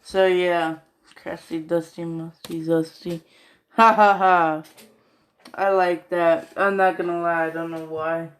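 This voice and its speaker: Slow-talking tired woman rambling. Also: fairly low pitch, fairly even intonation. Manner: slow, rambling, slangy, swears often. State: tired late at night. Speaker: fan storyteller. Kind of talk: casual rambling fan retelling.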